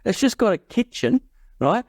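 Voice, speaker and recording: A man's voice: high voice, very animated, normal speed, dry recording. A middle-aged man telling business stories in a casual podcast interview, quoting people in voices and laughing often. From Australia. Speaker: guest investor.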